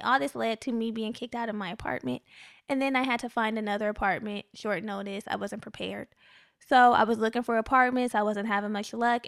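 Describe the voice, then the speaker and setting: Young woman co-host, high-pitched, earnest and chatty, with a dry close sound. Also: creaky, fairly bright tone, no echo. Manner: earnest, faith-minded, chatty with restarts. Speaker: podcast co-host. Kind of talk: casual spiritual self-help chat.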